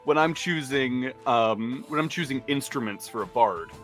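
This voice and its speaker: A man's voice: medium pitch, moderate pace, fairly bright tone, faint music behind. Chatty co-host man. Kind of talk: casual chat.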